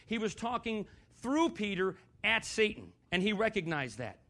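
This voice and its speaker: A man's voice: sits high, sing-song, moderate pace, bright, forceful tone. A man preaching a sermon in a church, talking conversationally, putting questions to the congregation and slipping in dry, sarcastic humor.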